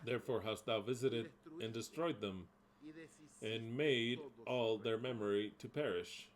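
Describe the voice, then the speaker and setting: A man's voice: on the low side, a little slow, poor audio. A man preaching a sermon, reading scripture aloud and explaining it emphatically. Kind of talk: sermon teaching.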